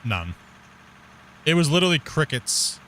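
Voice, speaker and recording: A man's voice: fairly high pitch, big pitch swings, measured pace, sharp tone, slight background noise. A man chatting casually while streaming live gameplay, rambling, laughing often and swearing casually.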